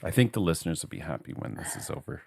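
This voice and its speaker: A woman's voice: a bass voice, very animated, fast, vocal fry, a little mellow, no echo, studio quality. A woman co-hosting a podcast in easygoing casual chat, laughing often and chiming in with short agreements. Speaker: podcast co-host.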